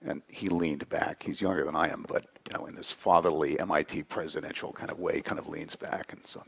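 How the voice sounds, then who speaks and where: A man giving a conversational conference talk, often ending points with a quick "right?". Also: low voice, gravelly, slightly rough. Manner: conversational, frequent "right?" tags. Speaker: conference speaker. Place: conference hall.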